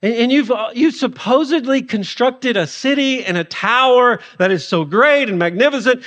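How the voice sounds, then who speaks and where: A man pastor preaching a sermon in a humorous, animated manner. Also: very high-pitched, measured pace, in a large hall.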